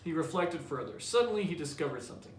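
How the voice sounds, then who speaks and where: A man's voice: a little high, animated, fast. Man teacher reading aloud in an echoey room. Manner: explanatory, conversational. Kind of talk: reading a novel aloud to a class. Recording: echoey room, distant mic, faint hiss.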